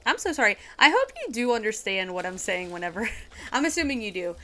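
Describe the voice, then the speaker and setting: Playing a game live, this woman keeps up casual banter with chat and other players, laughing a lot and occasionally adopting a silly mock accent. Her mid-range voice swings widely in pitch, sounding pushed and bright as she talks briskly.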